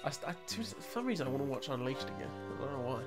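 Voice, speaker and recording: A man's voice: mid-range voice, big pitch swings, rapid-fire, over music. A man chatting on a gaming livestream, rambling with fillers and hesitations and laughing now and then. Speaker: co-player guest. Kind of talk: casual gaming stream chat.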